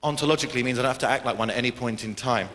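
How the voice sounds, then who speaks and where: A man doing a rambling, self-mocking stand-up routine full of restarts and sudden shouted outbursts. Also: mid-range voice, racing. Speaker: stand-up comedian. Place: large live venue. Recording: live hall with crowd noise and echo.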